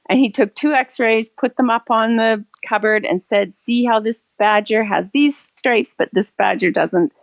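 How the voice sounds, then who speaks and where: A woman's voice: medium pitch, expressive, moderate pace, gravelly, few pauses, no echo. A retired woman in her sixties, a former teacher, telling a long personal story in a rambling, earnest way with frequent restarts. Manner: earnest, rambling, laughs often. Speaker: caller sharing a story. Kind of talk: casual storytelling.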